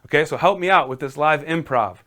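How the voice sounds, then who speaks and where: A man's voice: a little high, a little fast, bright, forceful tone. A man teaching a casual live-streamed piano lesson, encouraging and talking viewers through exercises.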